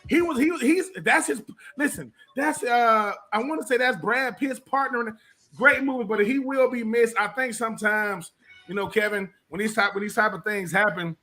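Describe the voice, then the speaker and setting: A man co-hosting a sports radio show, chatting casually in an animated, slangy way that repeats itself. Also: high voice. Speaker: co-host.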